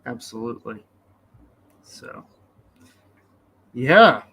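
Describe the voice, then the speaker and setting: A man's voice: mid-range voice, very animated, very slow, fairly bright tone, breathy edge. A man co-hosting a political podcast in casual chat, hesitant and full of fillers. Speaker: podcast co-host.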